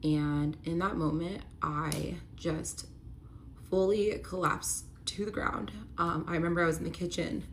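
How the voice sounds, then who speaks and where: A woman's voice: fairly low pitch, fairly even intonation, a little slow, a little hiss or hum. A young woman in a candid storytime vlog, retelling a painful betrayal with lots of filler words and an emotional, near-tearful delivery. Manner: candid, many "like" fillers, rises to pleading when reliving the argument. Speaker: vlogger telling a personal story.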